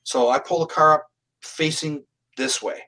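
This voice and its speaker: Earnest, plain-spoken man from Canada, bright and forceful delivery, interview guest telling stories. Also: fairly high pitch, steady tone, unhurried, poor audio. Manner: earnest, plain-spoken, restarts his phrases. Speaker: psychic medium guest. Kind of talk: storytelling in an interview.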